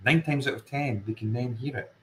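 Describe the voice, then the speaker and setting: A paranormal investigator guest from Fife, Scotland, talks in a casual interview chat, earnest and emphatic, circling back to his point. His mid-range voice is a little fast with a fairly bright tone. The recording is low quality.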